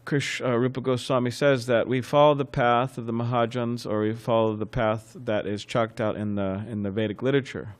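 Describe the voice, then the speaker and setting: A man giving a scriptural class as a sermon, telling anecdotes in a lively way, chuckling and often restarting phrases. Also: mid-range voice, fairly quick, few pauses. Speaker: temple class speaker. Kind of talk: sermon with storytelling.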